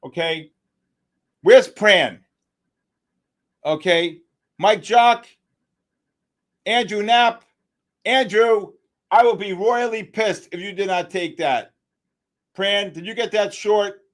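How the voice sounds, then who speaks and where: Excitable high-voiced trading stream host. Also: male voice, slow pace, pauses often. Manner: excitable, exclamatory, calls out viewers by name. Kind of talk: live market commentary.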